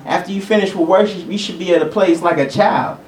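A man's voice: high voice, fairly even intonation, a little fast, darkish tone, reverberant, recorded from a distance, slight background noise, low-quality recording. A male preacher giving a conversational teaching sermon. He chuckles between points and calls out for amens. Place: church sanctuary.

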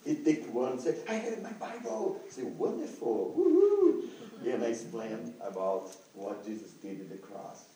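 Echoey, animated man telling a testimony. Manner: halting non-native English, jumps to high excited exclamations. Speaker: evangelist sharing a testimony. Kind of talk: animated testimony to a listening audience. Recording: echoey room, picked up from a distance, faint noise.

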